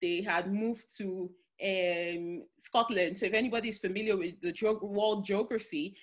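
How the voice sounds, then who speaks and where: A woman with a Nigerian accent giving a motivational talk, telling stories in an animated way with many fillers and restarts. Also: mid-range voice, moderate pace. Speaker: guest speaker.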